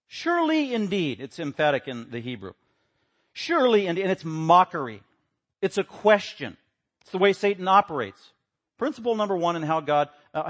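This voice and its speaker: Emphatic preacher man, slightly high voice. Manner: emphatic, rising to loud rhetorical questions. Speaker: pastor. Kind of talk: sermon.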